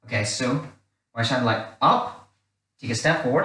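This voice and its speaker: A man's voice: mid-range voice, moderate pace, sharp tone. A man leading a children's church game, chatty and giving instructions. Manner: chatty, instructional, repeats "wee". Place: dark church hall. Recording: echoey room, mic far off.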